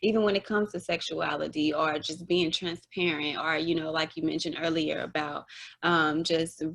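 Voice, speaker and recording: A woman's voice: deep voice, fairly even intonation, moderate pace, vocal fry, a bit bright. Hesitant woman podcast host, just thirty. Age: 30s. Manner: hesitant, self-described tongue-tied, many fillers. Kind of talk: casual podcast interview.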